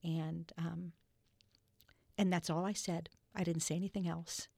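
An older woman telling stories in an interview, earnest and halting with many restarts. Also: on the low side, level tone, gravelly, dark tone, no echo, studio quality. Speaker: guest. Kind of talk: storytelling in a podcast interview.

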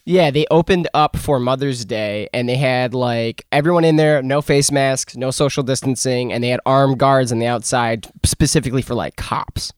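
Podcast host, man, dry joking delivery, mid pitch, close dry sound. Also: moderate pace, few pauses, smooth, no room sound. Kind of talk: casual chat.

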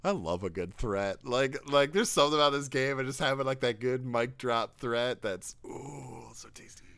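Smooth-voiced enthusiastic game master. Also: male voice, medium pitch, normal speed, fairly bright tone, dry recording. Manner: enthusiastic, chatty. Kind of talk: running a tabletop role-playing game.

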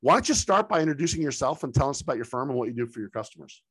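A man's voice: medium pitch, very animated, racing, breathy edge, no echo. A man hosting a sales podcast, enthusiastic and hyped-up as he introduces and interviews a guest. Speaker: podcast host.

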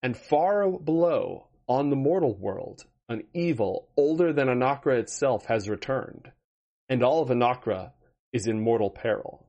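A man's voice: mid-range voice, lively intonation, unhurried, warm tone, lo-fi sound. A man narrating a fantasy campaign recap as the dungeon master, with a dramatic storytelling cadence. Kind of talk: narrating a tabletop game recap.

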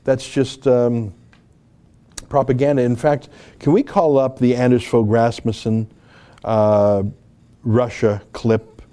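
A man's voice: medium pitch, fairly even intonation, slow, long pauses, warm tone. A man from Alberta, hosting political commentary in an emphatic, argumentative way with frequent fillers and restarts. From Alberta, Canada. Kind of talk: opinionated commentary.

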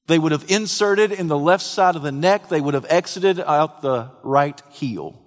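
A man preaching a sermon, swinging dramatically from hushed, quiet lines to loud, shouted ones. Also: fairly high pitch, normal speed, few pauses. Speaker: pastor. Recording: long hall reverb.

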